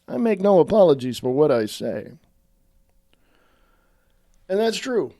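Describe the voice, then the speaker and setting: A man's voice: fairly high pitch, big pitch swings, a little slow, pauses often, mellow, dry recording, clean studio sound. Blunt middle-aged man from California. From California, USA. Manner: blunt, opinionated, addresses listeners as folks. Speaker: online commentator. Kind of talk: casual political rant to camera.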